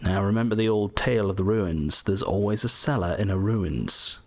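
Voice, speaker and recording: A man's voice: lowish voice, normal speed, a little hiss or hum. Chatty man narrating his gameplay. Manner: chatty, explains tips while playing, mutters asides. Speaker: gameplay walkthrough host. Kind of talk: casual game commentary.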